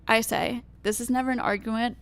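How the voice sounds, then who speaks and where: A woman with a stuffy nose reading viewer comments aloud and giving her own measured replies, with fillers and pauses. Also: fairly high pitch, fairly bright tone. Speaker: commentary video host.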